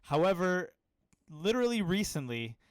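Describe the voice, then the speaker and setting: A man's voice: high-pitched, sing-song, moderate pace, no room sound. A young man co-hosting a casual anime podcast, enthusiastic and rambling, with lots of fillers. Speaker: podcast co-host.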